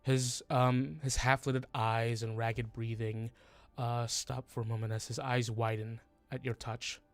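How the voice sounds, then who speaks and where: A man's voice: mid-range voice, flat delivery, unhurried. A man narrating a tabletop game as game master, hesitant, with many fillers and restarts.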